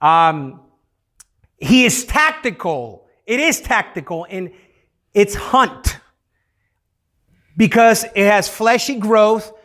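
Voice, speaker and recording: A man's voice: high-pitched, animated, slow, pauses often, a bit bright. A man leading youth group teaching in a playful, interactive way, having the room repeat key words.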